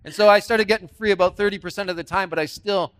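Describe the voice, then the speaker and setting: Male guest preacher, high voice, sermon. Interactive and jokey, with big swings from hushed to loud. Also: fairly even intonation, fast, clean tone. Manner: interactive, quizzes the audience and jokes; swings from quiet asides to loud emphatic bursts.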